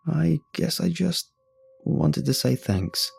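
A man's voice: lowish voice, animated, fairly quick, gravelly, warm tone, breathy edge, exaggerated voice. A man voicing a laid-back young man with a slurred Southern California drawl, sheepish and mumbling. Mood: earnest.

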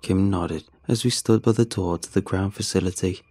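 A man narrating a first-person horror story in a measured, tense storytelling manner. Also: low voice, dark tone, dry recording.

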